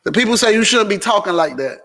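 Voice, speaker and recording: A man's voice: high-pitched, animated, fast talker, gravelly, pushed and bright, big-room sound, slight background noise. A man hosting a casual vlog and Q&A at home, teasing and laughing, then explaining things plainly. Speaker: host.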